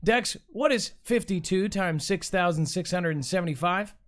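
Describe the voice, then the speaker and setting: A man's voice: high-pitched, normal speed. A man hosting a comedy call-in news show, stumbling over words, repeating them in silly voices and making joking asides to himself. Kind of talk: goofy read-out news blooper reel.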